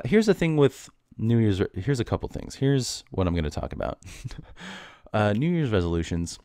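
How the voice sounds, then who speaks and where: A man's voice: low voice, a little mellow, no echo, clean studio sound. A young man hosting a solo podcast, ranting in a casual, exasperated and mocking way about customers at his coffee shop job. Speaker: podcast host.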